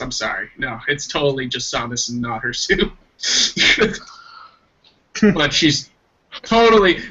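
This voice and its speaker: A man's voice: on the high side, bright, forceful tone. A man co-hosting a podcast, joking and crude in casual chat. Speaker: podcast co-host. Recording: dull lo-fi stream audio.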